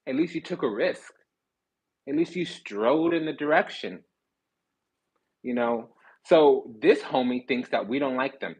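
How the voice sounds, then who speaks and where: Blunt, husky-voiced male tarot reader. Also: medium pitch, poor audio. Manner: blunt, slangy and swearing, with self-correcting restarts. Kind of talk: casual tarot reading.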